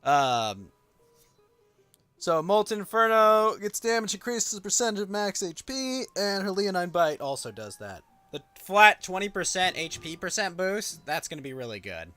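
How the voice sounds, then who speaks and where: Man, streamer, casual commentary, wry, rambling, slightly high voice, faint music behind. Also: sing-song, moderate pace, pushed and bright.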